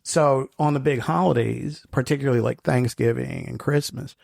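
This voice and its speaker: Here a middle-aged man co-hosting a podcast talks in a steady tone at a moderate pace, his mid-range voice a little mellow with vocal fry. He's a rambling storyteller in relaxed conversation who laughs frequently and acts out what people said.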